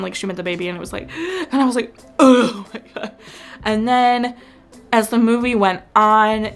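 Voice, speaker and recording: A young woman chatting to camera as a film-review vlogger, gushing and animated with quick asides. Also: medium pitch. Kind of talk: casual chat to camera.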